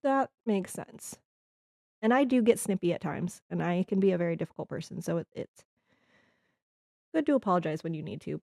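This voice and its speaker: Her voice low, gravelly and warm, a woman from the American Midwest hosts a podcast, musing earnestly in a wandering monologue with restarts. The sound is studio quality with no echo.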